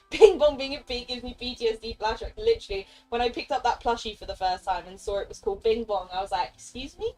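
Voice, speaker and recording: A game streamer, a young woman with a slightly high voice, chats casually on a live stream, sharing her opinions at an easy pace though her speech is fast. She laughs often and briefly slips into playful character voices. Soft music plays quietly behind her, and the audio is poor.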